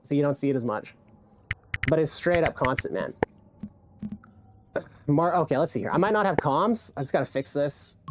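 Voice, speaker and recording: Low-voiced woman rambling on stream. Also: noisy background. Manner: rambling, profane, restarts words often. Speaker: game streamer. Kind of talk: casual live-stream chat.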